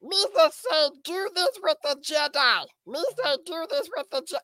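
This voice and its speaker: A man doing an impression of a bumbling male alien sidekick from a film, with high, clumsy broken speech. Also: animated, normal speed, sharp tone, no room sound, heavily acted. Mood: excitable.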